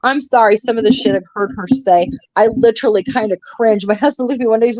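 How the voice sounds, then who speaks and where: A woman's voice: fairly high pitch, fast, few pauses, a little mellow, dry recording, lo-fi sound. A woman in her sixties co-hosting a live stream, ranting bluntly with profanity and sarcasm. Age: 60s. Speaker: co-host of a live commentary stream. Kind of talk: casual live-stream chat.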